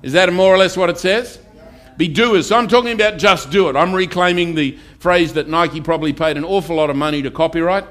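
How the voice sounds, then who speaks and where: A man's voice: on the high side, brisk, a bit bright. A pastor preaching a conversational sermon to his congregation and asking them for amens. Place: church.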